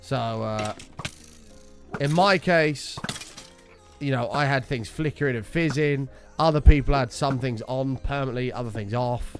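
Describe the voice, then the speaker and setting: A man's voice: mid-range voice, measured pace, soft background music. A young man streaming a game, casually telling a story, swearing freely and acting out his own quotes. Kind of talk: casual storytelling while gaming.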